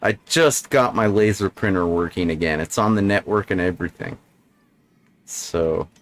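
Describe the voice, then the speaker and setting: A man's voice: deep voice, normal speed, slight background noise. A man streaming a video game, talking into a desk microphone in casual, jokey and sarcastic commentary that rambles along.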